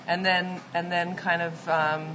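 A woman with a mild Melbourne Australian accent, a restaurant owner and chef explaining food in a relaxed way, with plenty of fillers. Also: fairly low pitch, unhurried. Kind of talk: casual interview answers. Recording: muffled recording, faint background noise.

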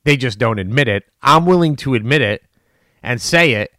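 A man talking through the political news in an unscripted commentary, leaning hard on his points and restarting sentences as he goes. His voice sits at an ordinary middle pitch. The sound is dry and close, with no room around it. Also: normal speed, dry recording. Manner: animated, emphatic, with frequent restarts and fillers.

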